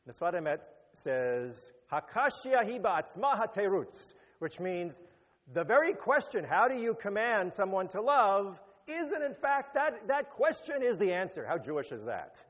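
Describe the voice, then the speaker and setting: A rabbi giving a sermon, animated, rising to emphatic peaks and then dropping low. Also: male voice, unhurried. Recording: muffled sound with long hall reverb.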